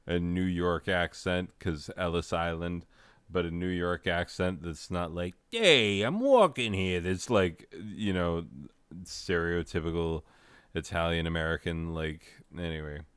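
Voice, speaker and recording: A man's voice: sits low, completely flat delivery, a little slow, clean tone, no room sound. A man reviewing a game in casual, tangential commentary, often losing his train of thought and making self-deprecating asides.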